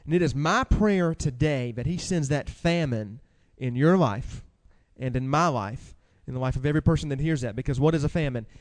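A man preaching a sermon with animated delivery, asking the congregation questions and reading scripture aloud. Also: medium pitch, normal speed, in a large hall.

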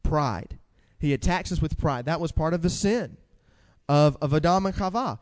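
Man, preacher, high-pitched voice, animated sermon, rhetorical questions, long hall reverb. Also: normal speed.

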